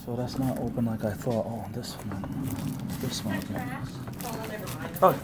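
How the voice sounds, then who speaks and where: East Coast guy, casual livestreamer, rambling and answering viewers, phone mic, loud background noise. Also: medium pitch, fairly even intonation, unhurried. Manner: chatty, rambling, reads and answers chat. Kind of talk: casual livestream chat while working. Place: large building at work, walking around.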